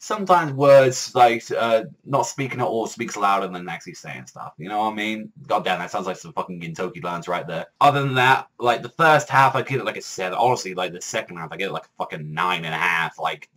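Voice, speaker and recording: A man's voice: deep voice, brisk, few pauses, a bit bright. A man casually reviewing an anime episode, rambling and swearing a lot. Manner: rambling, heavy swearing, many "like" fillers.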